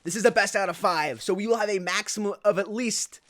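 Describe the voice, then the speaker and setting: A man casting a mobile shooter tournament on a live stream, calling the action in quick, excited play-by-play. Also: sits high. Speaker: esports caster. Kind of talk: live game commentary.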